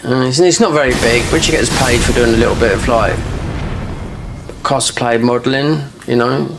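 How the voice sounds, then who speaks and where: Gravelly South London man chatting while gaming. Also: medium pitch, moderate pace, music in the background. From London, England. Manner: rambling, gossipy, full of restarts and "you know". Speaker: gaming streamer. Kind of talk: casual chat while playing a game.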